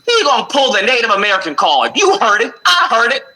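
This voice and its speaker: A man's voice: very high voice, wildly swooping pitch, quick pace, pushed and bright, poor audio. A man hosting a call-in livestream, ranting furiously and swearing at callers. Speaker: call-in show host. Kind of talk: heated call-in livestream argument.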